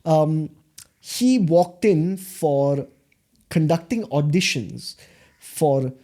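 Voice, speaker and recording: A man, a guest in a casual interview, telling animated stories about his start. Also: on the high side, extremely slow. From India. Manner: animated storytelling, acts out quoted voices. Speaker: guest, beatboxer and MC.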